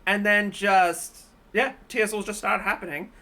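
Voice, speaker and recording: A woman's voice: medium pitch, fairly even intonation, unhurried, sharp tone. A woman streamer reacting casually to videos, blunt and profane, who often laughs and exclaims. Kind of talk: casual live-stream commentary.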